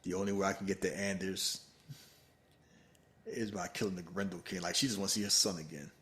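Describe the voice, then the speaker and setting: A man's voice: low-pitched, a little fast. A man co-hosting a podcast, chatting casually about a movie in profane slang and acting out the characters as he retells scenes. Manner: animated storytelling, profane slang, acts out characters. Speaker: podcast co-host. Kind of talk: casual movie reaction chat.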